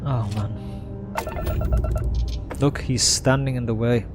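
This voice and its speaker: A man's voice: medium pitch, steady tone, slow, music in the background. A man streaming a game, ranting in exasperation, swearing a lot and stammering as he repeats himself. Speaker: gameplay streamer. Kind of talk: live gameplay commentary.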